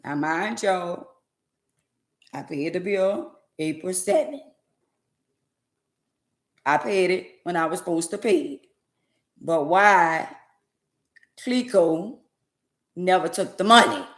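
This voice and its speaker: Woman, lively storytelling vlogger, lowish voice, echoey room. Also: slow, long pauses. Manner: lively, preachy asides, dialect speech. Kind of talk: casual storytelling to viewers.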